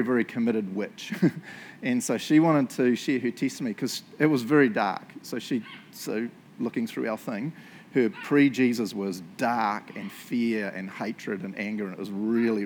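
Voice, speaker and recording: A man's voice: mid-range voice, darkish tone, a little hiss or hum. A man, a youth church leader giving a casual, chatty teaching talk full of asides and fillers.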